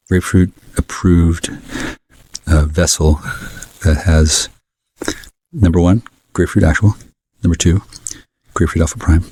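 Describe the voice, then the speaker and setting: A man's voice: low voice, mellow, breathy edge, dry recording. A man ranting angrily and rambling, jumping between subjects and cursing a lot. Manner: angry, scattered, cursing. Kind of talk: rambling profane rant to camera.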